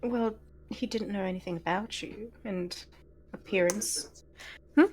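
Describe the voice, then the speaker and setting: A woman playing in a tabletop game, her voice at an ordinary middle pitch. She chats in a relaxed, easygoing way and trades dry banter with the others. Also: measured pace, a little hiss or hum. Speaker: player. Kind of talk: casual tabletop game chat.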